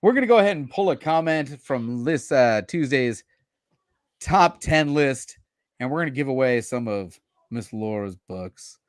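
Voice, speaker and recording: A man co-hosting a casual chat show, reading out sales figures in a relaxed, bantering way. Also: mid-range voice, unhurried, dry recording, clean studio sound. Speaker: co-host.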